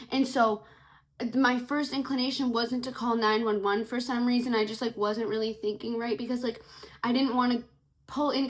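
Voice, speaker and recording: Tearful young woman telling a story, high voice. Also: fairly bright tone. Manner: shaken, rambling, many fillers. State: tearful, sniffly. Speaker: vlogger. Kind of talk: emotional storytime vlog.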